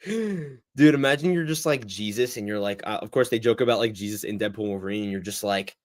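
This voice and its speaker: A young man hosting a casual livestream Q&A, rambling and reacting to the chat in a lively, chatty way. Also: on the low side, fast talker. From United States. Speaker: livestream host.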